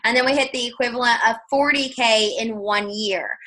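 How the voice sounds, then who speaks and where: Chatty and animated, a woman recounts her story as a guest on a video call, performing lines of dialogue as she goes. The audio is poor; her voice is bright and a touch high, her pace moderate.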